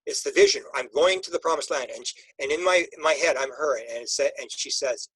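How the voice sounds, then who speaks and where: A man, an interview guest, telling an emotional personal story in a halting way, with many restarts and repeated words. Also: medium pitch, fairly bright tone, husky, no echo, poor audio.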